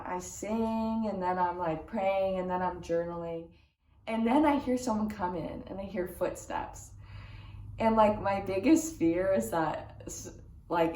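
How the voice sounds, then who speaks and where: Chatty young woman in an echoey room. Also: on the low side. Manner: chatty, lots of "like", excited retelling. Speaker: vlogger. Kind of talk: casual faith vlog storytelling.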